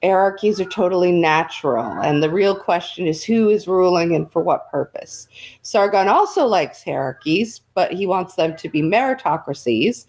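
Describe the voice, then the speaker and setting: A woman's voice: on the low side, lively intonation, moderate pace, darkish tone. A woman hosting a casual livestream chat, recapping events in a sarcastic storytelling manner. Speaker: show host.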